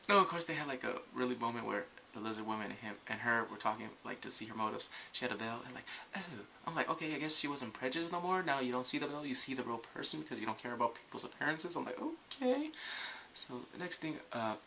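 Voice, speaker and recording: A man's voice: mid-range voice, animated, quick pace, vocal fry, sharp tone, slight background noise. A young man reviewing a TV episode in a casual, rambling way. He goes off on tangents and acts out scenes in quoted voices. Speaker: video reviewer.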